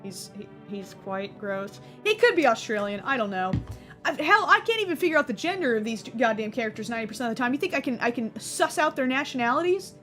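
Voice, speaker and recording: A woman giving sarcastic, excitable gaming commentary as she plays, swearing casually. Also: a little high, quick pace, faint music behind. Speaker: gaming streamer.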